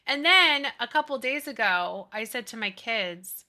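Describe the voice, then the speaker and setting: A woman's voice: on the high side, moderate pace, hardly any pauses, pushed and bright. A woman in her thirties chatting casually and animatedly with her live chat, giggling and gushing as she talks. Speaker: streamer.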